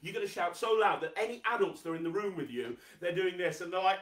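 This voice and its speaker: A bright, forceful man hosts a live magic show for children, coaxing and teasing with lots of energy. He stands back from the mic in an echoey room. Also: sits high, animated, fast talker, distant mic. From England. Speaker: host, magician. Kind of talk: live kids' show hosting.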